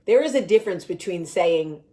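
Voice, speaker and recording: A woman with a New Jersey accent hosts a casual talk show and tells stories in a chatty, animated way. Her speaking voice sits low. She swears freely and laughs at her own stories. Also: normal speed. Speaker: show host. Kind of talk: casual storytelling chat.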